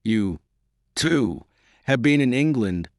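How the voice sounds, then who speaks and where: A man reading the lines of a smooth, scheming cardinal in an audiobook. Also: medium pitch, animated, slow pace, no echo, clean studio sound.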